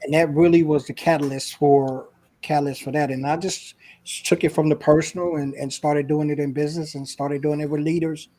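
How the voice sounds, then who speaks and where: A man's voice: fairly high pitch, little pitch movement, fairly quick, warm tone. A man, a guest on an interview show, earnestly telling a personal story in a casual, emotional way.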